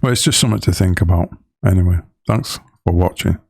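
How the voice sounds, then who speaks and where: A man hosting a video, giving relaxed, thoughtful casual commentary. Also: sits low, quick pace, vocal fry, no room sound, clean studio sound. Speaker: video host.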